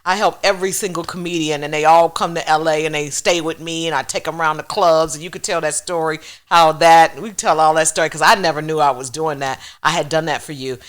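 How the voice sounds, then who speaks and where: A woman comedian appears as a podcast guest and speaks in a low voice. She explains things plainly in casual chat and drops in short agreeing replies. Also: fairly even intonation, brisk, few pauses.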